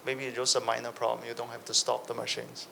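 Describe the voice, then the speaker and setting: A man's voice: medium pitch, monotone, fast, creaky, bright, forceful tone, a little hiss or hum, low-quality recording. A man on an industry panel giving an earnest answer in plain phrasing.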